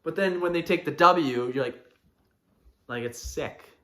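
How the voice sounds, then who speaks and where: A man's voice: on the high side, unhurried, bright, forceful tone. A man hosting a podcast, ranting and mocking in a casual, fired-up monologue. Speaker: podcast host.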